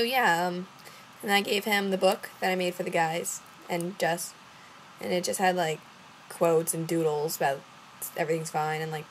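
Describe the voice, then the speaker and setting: A woman's voice: fairly low pitch, gravelly, slight background noise, low-quality recording. A young woman from Louisiana telling a long story to her camera, rambling with lots of fillers and acting out what others said. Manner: rambling, acts out quoted voices, many fillers. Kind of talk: casual storytelling vlog.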